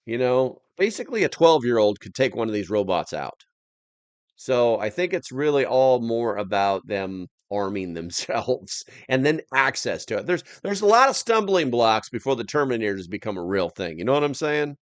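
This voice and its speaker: A man's voice: medium pitch, very animated, normal speed, no echo. An American man hosting a casual livestream, rambling loosely and reading viewer comments aloud. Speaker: livestream host.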